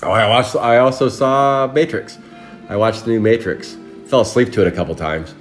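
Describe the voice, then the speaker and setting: A man's voice: medium pitch, moderate pace. A married man casually hosting a live trading card break, rambling and chatting with viewers by name while listing cards. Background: music.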